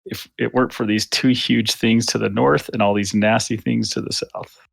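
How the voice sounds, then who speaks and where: A man's voice: mid-range voice, steady tone, moderate pace, vocal fry, dry recording. A man talking casually as a player in a tabletop game, matter-of-fact and plain.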